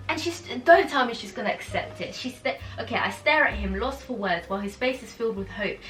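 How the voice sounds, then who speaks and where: A woman's voice: on the high side, fairly quick, few pauses, far from the mic. A young woman vlogging casually at home about a book she is reading, talking in chatty, exasperated rants. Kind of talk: casual vlog chat. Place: living room at home. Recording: roomy echo, a little off-mic, soft music behind.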